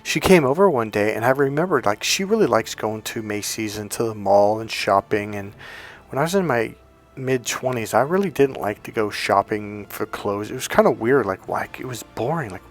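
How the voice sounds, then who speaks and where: A man's voice: medium pitch, fairly quick. A middle-aged man, a relationship coach, telling a personal story in a casual monologue and acting out both sides of an argument. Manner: animated storytelling, acts out both sides of a quarrel.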